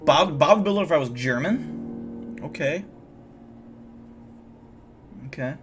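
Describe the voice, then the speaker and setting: A young man's slightly high, expressive voice moves slowly over soft background music. He's a worn-out livestream host, yawning as he chats loosely with viewers, swearing, rambling, restarting often, and reacting to their messages.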